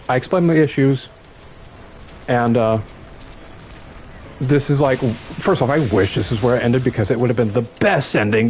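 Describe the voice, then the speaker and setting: A young American man tells a story on his stream, rambling and full of fillers. His pitch leaps around animatedly as he gets into it. Faint music plays behind him. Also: darkish tone, rough recording. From United States.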